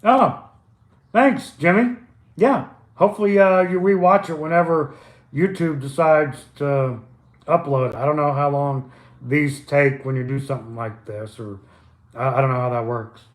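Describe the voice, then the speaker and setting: Older guy winging a live chart stream at home, chatty, kinda high voice, echoey room. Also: a little slow. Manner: loose, chatty, improvised, with stumbles and asides. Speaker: stock chart livestream host. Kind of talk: casual live chart commentary.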